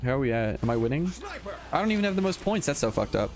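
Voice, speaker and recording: Fast-talking and sing-song, this young Australian man has a mid-range voice. He rambles through casual gaming commentary for his YouTube audience, laughing and swearing freely while game music plays behind him.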